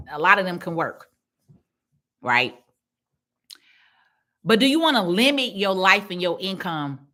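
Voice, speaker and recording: Emphatic, preachy woman with a bright voice. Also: fairly low pitch. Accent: Chicago. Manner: preachy, emphatic, repeats herself. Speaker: small business owner speaking live to followers. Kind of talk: casual live-stream pep talk.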